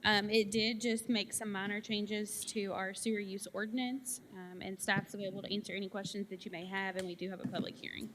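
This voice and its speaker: A woman's voice: medium pitch, little pitch movement, brisk, few pauses. A woman giving a finance staff report at a town board meeting, matter-of-fact and peppered with ums. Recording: reverberant meeting hall with light room noise.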